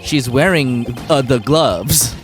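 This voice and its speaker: A woman streaming a game, reading the dialogue aloud with drama and bursting into excited shrieks. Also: rumbling low, slow, faint music behind. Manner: reads lines dramatically, breaks into loud excited shrieks and laughter. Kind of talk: live-stream game playthrough with voiced lines.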